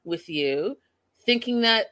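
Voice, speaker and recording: A woman's voice: a little high, expressive, slow pace, a bit bright. A woman casually recapping a reality show episode, chatty and opinionated, peppered with "like" and "you know".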